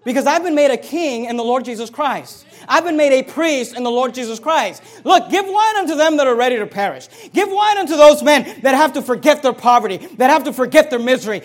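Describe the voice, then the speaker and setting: A man preaching a fiery sermon, reading scripture slowly and swinging between loud bursts and low asides. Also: lively intonation. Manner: reads scripture slowly with emphasis. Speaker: pastor.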